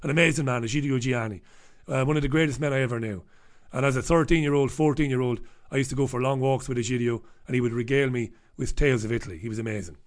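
A man's voice: mid-range voice, fast talker. A middle-aged man hosting a radio show, rambling through a checklist with irreverent, profane humor. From Ireland. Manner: rambling, irreverent, swears freely. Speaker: radio host. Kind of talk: casual comic monologue.

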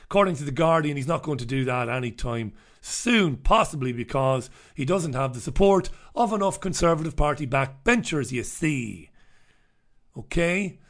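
A man hosts a live stream, reviewing newspaper stories and viewer comments with sardonic asides, wry remarks and scoffing, in a loose, rambling delivery with repetitions. His voice is a little high, animated and fairly bright, at a moderate pace.

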